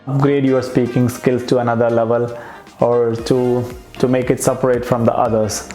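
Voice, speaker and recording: A man's voice: medium pitch, level tone, normal speed, warm tone. A man with a Malayali English accent teaching vocabulary, patiently repeating each example phrase. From Kerala, India. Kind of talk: lesson. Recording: roomy echo with faint music.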